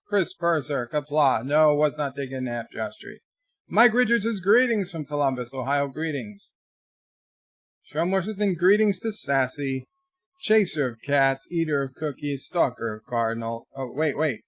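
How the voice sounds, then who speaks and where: In a dry recording, a man with a mid-range voice takes his time as he talks casually on a live stream from home. He rambles through a story, restarting again and again, and reads chat messages aloud.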